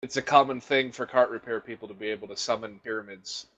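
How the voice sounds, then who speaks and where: A man's voice: mid-range voice, steady tone, quick pace, a bit bright, low-quality recording. A man playing in a tabletop game, joking and swearing casually. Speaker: player.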